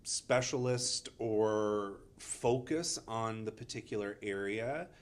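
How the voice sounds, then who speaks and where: A man's voice: on the low side, slow. A man, a chiropractor co-host who hedges and fills his talk with "kinda" and "you know". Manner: hedging, many fillers like "kinda" and "you know". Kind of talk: casual podcast chat.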